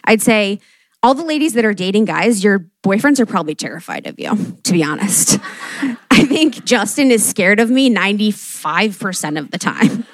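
A woman's voice: mid-range voice, expressive, normal speed, dry recording. A young adult woman doing a stand-up comedy monologue, casual and profane, peppering her talk with "like" and acting out quotes. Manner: casual, fillers of "like", frequent swearing, acts out quotes.

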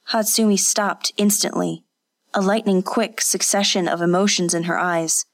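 A woman narrating an audiobook in a measured, unhurried manner. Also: mid-range voice, fairly even intonation.

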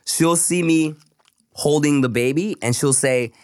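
A man's voice: a little high, unhurried, clear, resonant tone, no room sound, studio quality. Laid-back podcast dad, man, "bro" talk. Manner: laid-back, says "bro" and "dog", swears casually. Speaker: podcast co-host, father of a toddler. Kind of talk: casual chat.

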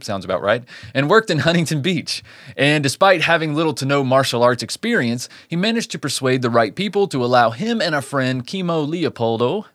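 A man's voice: mid-range voice, lively intonation, a little fast, a bit bright, dry recording, studio quality. A man hosting a true crime podcast, reading the case and breaking off for joking asides. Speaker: podcast host.

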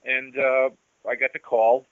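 A man's voice: medium pitch, flat delivery, a little slow, no echo, narrow, tinny audio. A man guesting on an interview, telling long stories in a loose, rambling way full of restarts and "you know". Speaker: guest musician. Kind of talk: casual storytelling interview.

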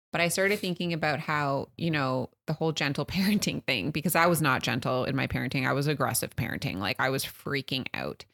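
A woman's voice: low voice, a bit bright. A woman in her thirties co-hosting a podcast, chatting casually and telling a family story with acted-out quotes. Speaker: podcast co-host. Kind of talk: casual chat.

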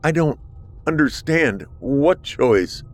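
A man's voice: mid-range voice, animated, slow pace, voice pushed up. A man voicing a frightened, stammering man in over his head. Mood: panicked. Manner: stammering, panicked.

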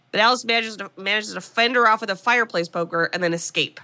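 Bright-voiced woman recapping a film. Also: mid-range voice, fast, hardly any pauses. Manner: chatty storyteller, quotes characters. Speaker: podcast host. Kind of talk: casual movie recap.

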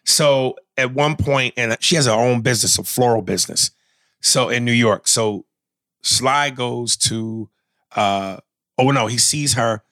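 Male co-host, bright, forceful voice, excitable and profane in casual recap chat. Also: medium pitch, measured pace. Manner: animated, profane storytelling with loud outbursts.

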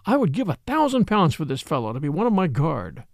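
A man's voice: on the high side, wildly swooping pitch, brisk, a little mellow, no echo, clean studio sound. A man doing King Richard, hearty merry king. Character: merry hearty male king, disguised as friar.

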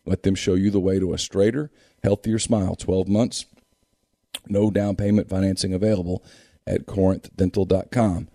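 A man co-hosts a sports podcast in a low, mellow voice. He reads ads and sizes up teams steadily, recorded close and dry with no room sound. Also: level tone, normal speed, no room sound. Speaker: sports talk co-host. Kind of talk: reading sponsor ads and casual sports chat.

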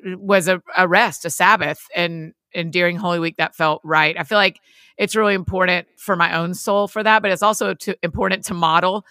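Woman podcast host, casual chatty talk, laughs a lot, bright and kinda gravelly voice. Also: fairly low pitch, fairly even intonation, a little fast, dry recording, studio quality. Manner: laughs often, chatty and warm-humored. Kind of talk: casual chat.

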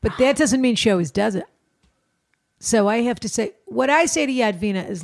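A woman's voice: a little high, lively intonation, moderate pace, vocal fry. A woman co-hosting a casual chat, handing out blunt, bossy advice in a mock-lecturing way. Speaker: podcast co-host.

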